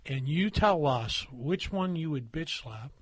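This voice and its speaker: Podcast host, man, slightly higher voice, husky tone, crude laughing storyteller. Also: expressive, a little slow, no echo. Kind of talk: casual storytelling chat.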